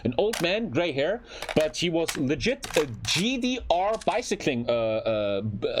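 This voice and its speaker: A man's voice: a little high, measured pace, background noise. A man with a German accent, a streamer telling a personal story in casual, swearing, repetitive style while gaming. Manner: animated, swears often, repeats phrases for emphasis.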